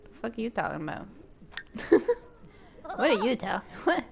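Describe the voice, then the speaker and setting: Young woman streamer, bubbly and sweary, big swoopy pitch, bit of fry. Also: moderate pace, slight background noise. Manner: excitable, squeals and laughs, swears freely. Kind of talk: casual live-stream chat with viewers.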